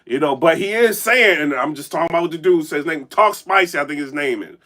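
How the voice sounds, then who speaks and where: A man talking indoors in a casual live-stream commentary, animated and rambling, often checking in with his chat. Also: a little high, fast talker. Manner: animated, rambling, keeps asking "you know what I'm saying". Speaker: battle rap commentator and blogger. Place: indoor room.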